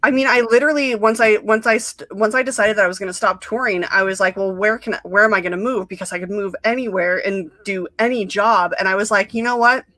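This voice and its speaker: Bright chatty young woman host. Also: mid-range voice, fairly even intonation, fast talker, hardly any pauses, no room sound. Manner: chatty, many fillers and quoted asides. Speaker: podcast host. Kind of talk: casual chat.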